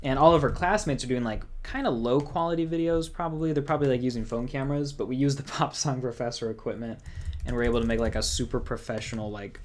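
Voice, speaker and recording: Young man, music channel host, casual livestream chat, rambling, chatty, middle-pitched voice. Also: quick pace. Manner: rambling, chatty, reads out viewer comments.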